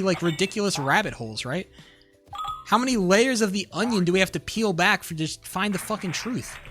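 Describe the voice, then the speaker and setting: A streamer in a heated, profane live-stream rant, full of restarts and repeated words, at times rising to shouts. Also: mid-range voice. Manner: rises to shouting when angry.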